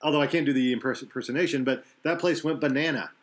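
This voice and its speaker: A podcast host with a medium-pitched voice talks at a racing pace, chatting casually about wrestling. His analysis comes in long, rambling runs that keep restarting and correcting themselves.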